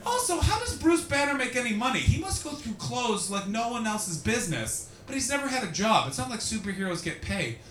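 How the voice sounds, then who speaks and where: A man doing stand-up comedy, loudly and profanely teasing audience members. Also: extremely high pitch, sing-song, a little fast, hardly any pauses, a little hiss or hum. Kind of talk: stand-up crowd work. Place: comedy club before a live audience. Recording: echoey club with loud crowd.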